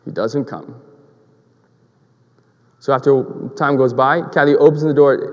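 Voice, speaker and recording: A man's voice: medium pitch, unhurried, long pauses, long reverb tail, highs cut off. A man preaching a sermon in a conversational, storytelling way, asking rhetorical questions.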